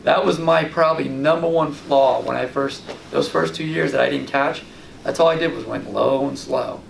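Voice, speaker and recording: A man hosting a fishing show, giving casual tips and telling lively stories in which he acts out his own reactions. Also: mid-range voice, moderate pace, gravelly. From Long Island, New York. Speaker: fishing guide and show host. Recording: roomy, distant mic with light background noise.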